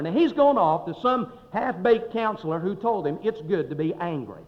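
A male pastor preaches a sermon in a folksy, emphatic style, his high-pitched, sing-song voice swelling and dropping at normal speed with hardly any pauses. The recording sounds dull, with the long reverb of a hall.

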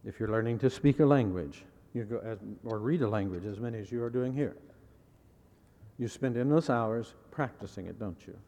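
A man preaching in a measured, deliberate way, returning to his key phrases to drive them home. His voice sits at an ordinary middle pitch, and it carries a long reverb as if from a large church hall. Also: dark tone, muffled recording. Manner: asks the audience rhetorical questions. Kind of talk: sermon.

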